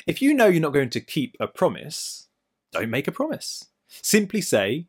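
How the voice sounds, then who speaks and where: Explaining a Bible passage, a middle-aged preacher livens his sermon with everyday anecdotes and playful digressions. He speaks at a moderate pace in a slightly high, slightly rough voice.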